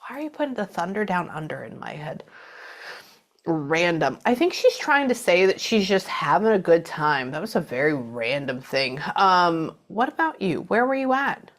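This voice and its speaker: A woman's voice: fairly low pitch, very animated, normal speed. A woman working as a medium, chattily relaying messages during a reading. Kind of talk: psychic reading session.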